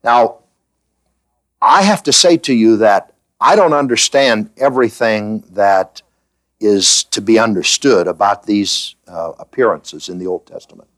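A man's voice: lowish voice, measured pace, no room sound. A man preaching in conversational Bible-teaching style, who asks the listeners questions and fills gaps with "uh".

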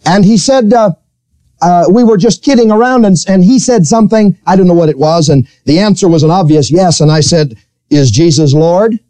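A male pastor preaching a sermon in church, telling a personal story with lively, animated delivery. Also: fairly quick, dry recording. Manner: storytelling preacher, animated, rising to high pitch when quoting.

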